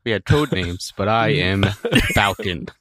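A man's voice: fairly low pitch, expressive, unhurried, a bit bright. A man co-hosting a podcast in casual chat, joking and laughing along. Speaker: podcast co-host.

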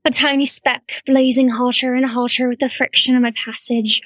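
A young woman gives a dramatic reading in a slow, hushed voice that sometimes sinks to a whisper. Her pitch runs a touch high. The sound is dry and close-miked. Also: flat delivery, no echo, rough recording. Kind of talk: dramatic reading aloud of a novel.

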